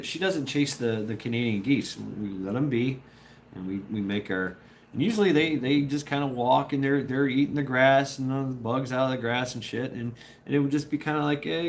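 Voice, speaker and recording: A man with a mid-range voice rambles through a profane story while chatting casually with his livestream viewers, often breaking into laughter. Slight background noise is present.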